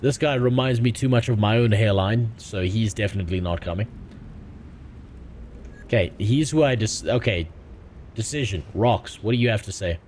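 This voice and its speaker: A man's voice: fairly low pitch, moderate pace, pauses often, a little mellow, a little hiss or hum. A man streaming a game, reading the dialogue aloud and making crude, profane jokes. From South Africa. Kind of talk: casual gaming stream commentary.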